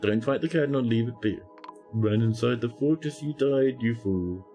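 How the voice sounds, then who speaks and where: A man's voice: medium pitch, moderate pace, mellow, soft background music. A man giving chatty live-stream commentary as he plays a game, talking to his chat and scolding the characters on screen. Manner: chatty, talks to chat while playing.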